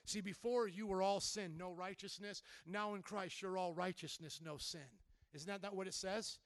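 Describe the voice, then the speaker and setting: A male pastor delivers a sermon in a high, impassioned voice. He presses the congregation with direct questions. The sound is dry, with no reverb. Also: fairly even intonation, moderate pace.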